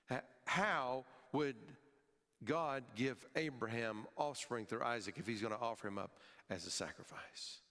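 A male pastor preaching a sermon, emphatic, his voice rising and falling sharply and dropping low at the ends of phrases, sometimes repeating words as he restarts. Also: bright, forceful tone. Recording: long hall reverb.

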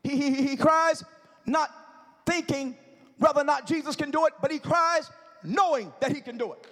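A man preaching a sermon in a church, emphatic and rising into shouted call-and-response, then dropping to hushed scripture reading. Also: extremely high pitch, normal speed.

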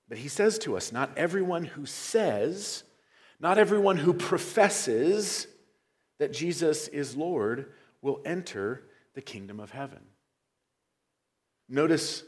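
A man's voice: fairly high pitch, expressive, takes it slowly. Man preaching an expository sermon. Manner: expository preaching, rising in intensity when quoting scripture. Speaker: pastor.

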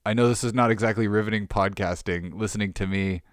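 A man's voice: fairly low pitch, steady tone, fast talker, no echo, studio quality. A man hosting a podcast, casually reading odd text aloud and laughing at it. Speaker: podcast host.

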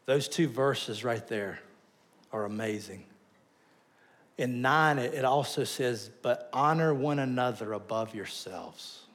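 A man preaching a sermon, telling stories with lively swings between loud bursts and soft asides. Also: mid-range voice, slow pace. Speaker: pastor.

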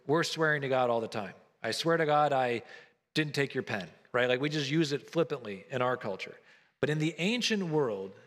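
Male preacher, earnest storytelling, mid-pitched voice, long hall reverb. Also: fairly bright tone. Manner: earnest storytelling, acting out quoted lines. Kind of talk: sermon.

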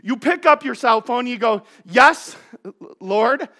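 High-voiced male pastor preaching. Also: fairly quick, bright, forceful tone. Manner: conversational and joking, with playful storytelling asides. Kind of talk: sermon.

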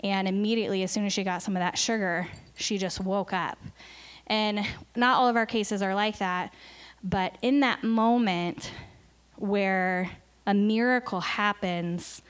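A woman's voice: medium pitch, fairly even intonation, measured pace, clear, resonant tone. A woman speaking in church as a missionary, telling an emotional story earnestly, with fillers. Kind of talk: church talk.

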